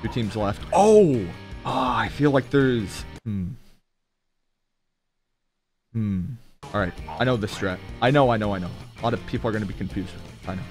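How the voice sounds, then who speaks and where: A young man streaming a mobile shooter, talking to his chat with excitable commentary and sudden high yelps and laughs. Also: normal speed, pauses often, faint music behind. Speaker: gaming streamer. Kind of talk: live gameplay commentary.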